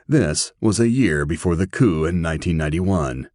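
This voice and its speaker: A man reading an audiobook with steady, even narration. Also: low voice, moderate pace, dry recording, studio quality.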